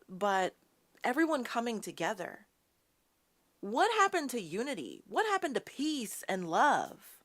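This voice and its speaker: A woman hosting a live political talk show, ranting with passion, calling her viewers y'all and sassily mocking the people she quotes. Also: on the high side. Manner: impassioned, ranting, addresses audience as y'all; quotes and mocks opponents in a sassy tone. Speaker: host.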